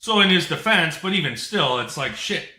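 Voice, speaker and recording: A man's voice: on the high side, lively intonation, moderate pace, bright, forceful tone, roomy sound. A man hosting a live talk show, telling stories in a blunt, emphatic way. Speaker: host.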